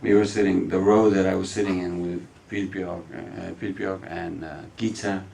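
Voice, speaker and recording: A man's voice: deep voice, little pitch movement, unhurried, gravelly, dark tone, a little hiss or hum. A man speaking as a guest at a film Q&A, telling anecdotes in a chatty way and often laughing as he talks. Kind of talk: casual anecdotal storytelling. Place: cinema hall in front of an audience.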